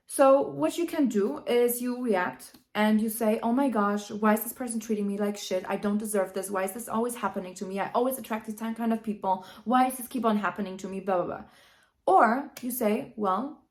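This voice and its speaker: A woman's voice: medium pitch, a little mellow. A woman giving casual self-help advice to camera, earnest and chatty, with lots of "like" and "you know". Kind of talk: casual motivational talk.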